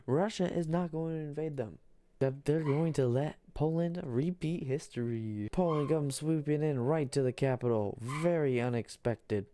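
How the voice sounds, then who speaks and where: A man's voice: fairly high pitch, warm tone. A man casually narrating an alternate history on a map, repeating himself and restarting sentences. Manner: repetitive, restarts, halting.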